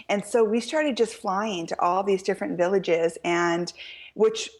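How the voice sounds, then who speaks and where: An American woman, middle-aged, telling a story as an author guest in an interview, lively and quoting people in animated voices. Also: on the low side, unhurried. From United States. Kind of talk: storytelling in a talk-show interview.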